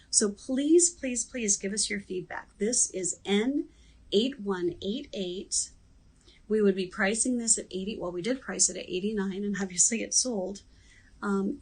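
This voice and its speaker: A woman's voice: mid-range voice, rough recording. A middle-aged woman hosting a live online jewelry sales show, chatty and joking as she describes each piece in detail.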